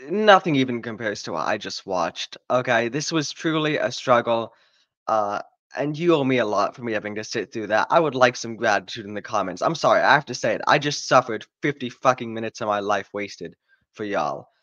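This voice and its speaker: A man's voice: mid-range voice, lively intonation, a little fast, a bit bright, dry recording, highs cut off. Exasperated, sarcastic man ranting. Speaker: video reviewer. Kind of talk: ranting review vlog.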